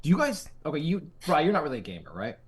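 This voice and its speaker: A man's voice: on the high side, racing, slightly rough. A middle-aged man hosting a casual comedy podcast, telling stories and acting out the voices of people he quotes. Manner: animated, acts out quoted voices. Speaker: podcast host.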